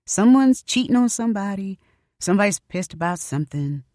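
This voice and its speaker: A woman narrating a story audiobook in an expressive first-person telling. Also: mid-range voice, brisk, no echo, clean studio sound.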